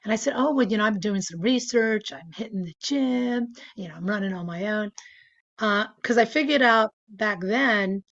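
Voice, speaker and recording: A woman's voice: mid-range voice, moderate pace, fairly bright tone, highs cut off. A woman in her sixties, chatting casually as an interview guest, with lots of fillers and frequent laughter. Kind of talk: casual storytelling.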